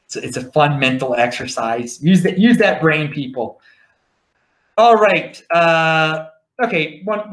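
A man with a Baltimore accent, rambling through stories in a casual monologue to his stream viewers, often restarting his words. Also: mid-range voice. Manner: chatty, repeats and restarts words. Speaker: livestream host. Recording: echoey room.

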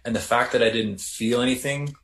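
A Canadian man, a former correctional officer, recounting his story in a reflective, halting way with many restarts. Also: medium pitch, fairly even intonation, fairly bright tone. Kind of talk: casual storytelling interview. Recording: roomy echo.

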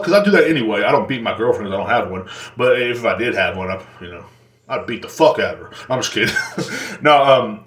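A man's voice: mid-range voice, lively intonation, fairly quick, fairly bright tone. Profane rambling male podcaster, roomy echo. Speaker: podcast host. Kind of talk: rambling solo podcast rant. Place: indoors at home.

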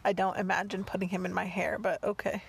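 A woman's voice: medium pitch, flat delivery, fast, vocal fry, slight background noise. A woman co-hosting a casual podcast, chatting in a dry, teasing way. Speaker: podcast co-host. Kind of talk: casual chat.

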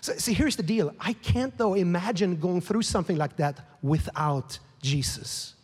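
A man's voice: sits high, normal speed, breathy edge. A man preaching a sermon as a pastor, telling a story with rising emotion and growing heat. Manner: emotional, grows louder and more heated, whispers at times. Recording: long hall reverb.

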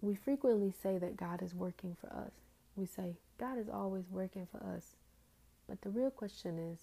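A woman's voice: medium pitch, normal speed, gravelly, warm tone, breathy edge. A tired woman hosting a casual, rambling faith talk, trailing off into fillers.

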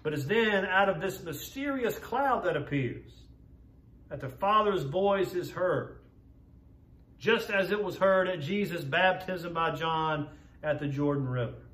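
A man preaching a sermon as a pastor, in an earnest, measured way, slowing down to stress key words. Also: a little high, expressive, a bit bright. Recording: roomy echo, voice from a distance.

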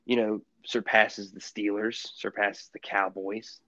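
A man co-hosting a sports podcast in casual chat, rambling with lots of halting restarts. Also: on the low side, level tone, a crowd in the background. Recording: dull, muffled lo-fi sound.

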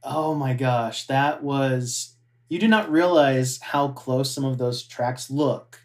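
A man's voice: medium pitch, takes it slowly. A man, a former theme park cast member, telling stories in casual chat with enthusiasm and frequent laughter. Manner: enthusiastic storyteller, laughs often.

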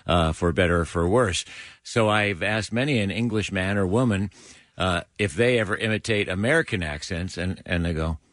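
A man's voice: deep voice, normal speed, fairly bright tone, dry recording, studio quality. A man hosting a radio show, chatting casually and enthusiastically with co-hosts. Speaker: radio host. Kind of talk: casual morning-show chat.

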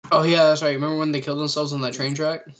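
A young man co-hosting a casual podcast chat, playful and quick to tease. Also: a little high, level tone. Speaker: podcast co-host.

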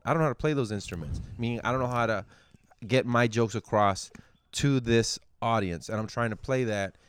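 A man's voice: lowish voice, clean tone. A man who is a stand-up comedian, chatting casually on a podcast, rambling with frequent restarts and cursing.

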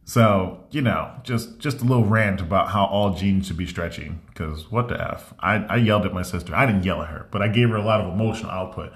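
A man in a casual ranting monologue, blunt and animated, repeating himself as he goes. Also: sits low, brisk, few pauses. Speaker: vlogger.

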